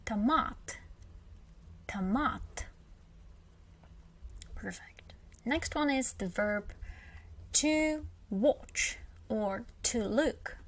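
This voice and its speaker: A woman's voice: a little high, lively intonation, extremely slow. A woman with a Russian accent teaching a beginner language lesson, patiently repeating example words with emphasis.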